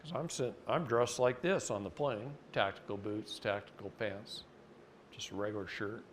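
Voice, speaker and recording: A man's voice: moderate pace, slight background noise. A man from Oregon giving a seminar lecture, blunt and folksy, telling a story and then explaining a point. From Oregon, United States. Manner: folksy and blunt, acts out quotes with jumps in pitch. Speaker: seminar speaker.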